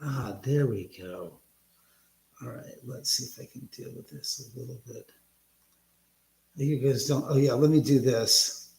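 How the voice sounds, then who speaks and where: A man's voice: medium pitch, unhurried, gravelly, pauses often, darkish tone, echoey room, a little hiss or hum. Chatty man hosting a live stream. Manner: rambling, chatty, greets viewers by name. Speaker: livestream host. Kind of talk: casual live chat with viewers. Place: room at home.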